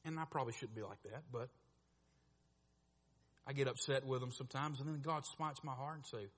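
A man preaching a sermon, animated, acting out voices in his stories and swinging from quiet asides to loud bursts. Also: medium pitch, brisk, pauses often, husky. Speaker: pastor. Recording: echoey hall reverb.

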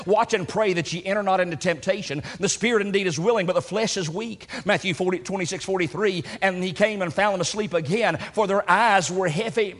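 Man preaching, high voice, impassioned, swells to near shouts, slows for emphasis. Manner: impassioned, rising to near shouts when voicing Jesus' prayer; slows down for emphasis, repeats words. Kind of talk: sermon.

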